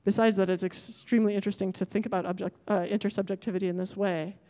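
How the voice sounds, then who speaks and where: A woman gives a conference talk from the stage in a dark, medium-pitched voice with fairly even intonation and a quick pace, while a large lecture hall adds long reverb. She searches for her words, reworks sentences as she goes, corrects herself, and apologizes for technical problems.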